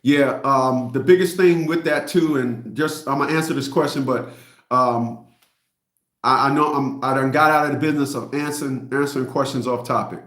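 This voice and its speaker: A man's voice: medium pitch, moderate pace, fairly bright tone, roomy sound. A middle-aged man hosting a livestream rant, blunt and mocking, repeating himself. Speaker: host.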